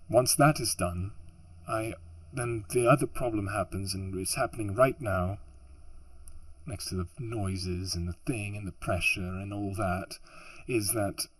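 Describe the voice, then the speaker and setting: Low, dry-voiced man ranting in exasperation. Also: a little slow, no room sound. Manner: exasperated, rambling, restarts and sighs. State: sore throat, hot and sweaty. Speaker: amateur audiobook narrator. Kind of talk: frustrated off-script rant. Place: home recording setup. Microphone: laptop mic behind a makeshift pop filter.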